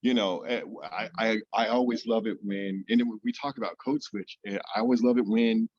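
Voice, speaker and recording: A man's voice: lowish voice, steady tone, moderate pace, darkish tone, no room sound, dull audio. A man speaking casually on a panel, telling stories with easy laughs. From United States.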